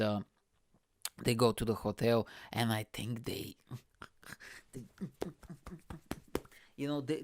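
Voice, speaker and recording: A man hosting his own podcast, retelling a reality show in a profane, animated, exaggerated way. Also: medium pitch, no room sound. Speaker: podcast host. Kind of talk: casual storytelling monologue.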